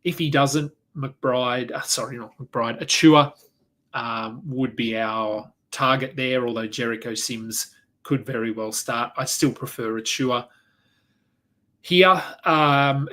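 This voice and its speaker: A man hosting a solo fantasy sports podcast, running through advice in a conversational way, thinking aloud with fillers and quick self-corrections. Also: mid-range voice, bright, forceful tone. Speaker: fantasy basketball podcast host.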